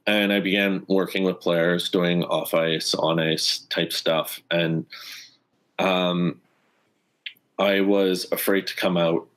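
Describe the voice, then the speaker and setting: A Canadian former hockey player in his thirties, telling a personal story in an interview in an earnest, animated way and acting out the dialogue. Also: sits low. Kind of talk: conversational storytelling.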